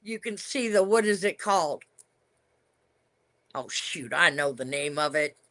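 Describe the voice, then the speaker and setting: A woman's voice: low voice, expressive, unhurried, fairly bright tone. An older woman, a retired wrestler, telling stories from her career in a casual interview. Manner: reminiscing storyteller, emphatic.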